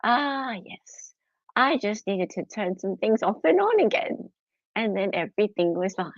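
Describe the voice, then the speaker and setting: She speaks in a mid-range, very animated voice, a little slowly, as a middle-aged Australian livestream host at home. Chatty and giggly, she greets viewers in a dry recording with slightly dull lo-fi audio.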